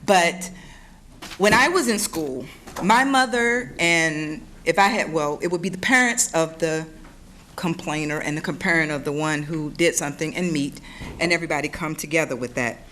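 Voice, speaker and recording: Distraught mother, public comment, bright tense voice, near tears. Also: low-pitched, moderate pace, slight background noise. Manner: emotional, pleading, voice near tears. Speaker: parent speaking at public comment. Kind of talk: public comment at a school board meeting. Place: school board meeting room.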